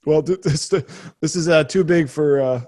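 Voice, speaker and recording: A man's voice: a little high, moderate pace, darkish tone. A man co-hosting a podcast, rambling and hesitant as he brings up the stories. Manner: rambling, hesitant, many restarts and laughs. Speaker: podcast co-host. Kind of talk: casual chat.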